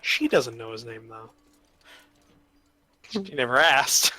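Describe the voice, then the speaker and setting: A man's voice: mid-range voice, big pitch swings, slow, pushed and bright. A man acting as game master of a tabletop role-playing game, explaining rules and narrating scenes, often trailing off into fillers.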